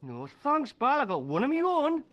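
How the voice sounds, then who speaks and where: A cheeky, boozy Geordie football fan in a video game. His voice sits high and swings all over the place. He is loud, matey and slurring. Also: huge pitch swings, moderate pace, lo-fi sound, exaggerated voice. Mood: boozy banter.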